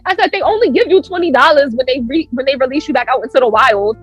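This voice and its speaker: A woman's voice: a little fast, faint music behind, low-quality recording. A woman guest on a podcast telling a story in casual chat, acting out quoted lines with big jumps in her voice. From United States. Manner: animated, acts out quotes with big pitch jumps.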